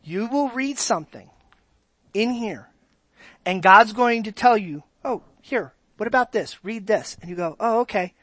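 A pastor preaching a sermon in an animated way, moving from quiet asides to loud exclamations and asking the congregation direct questions. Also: medium pitch, measured pace, no echo.

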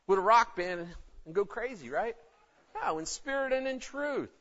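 A man's voice: extremely high pitch, a bit bright. A man preaching a sermon in an emphatic, conversational way. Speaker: pastor. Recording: dull lo-fi recording.

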